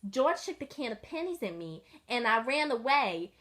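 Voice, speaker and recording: A young woman telling a comic story in the first person as her pet dog, rambling, deadpan and profane. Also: a little high, moderate pace.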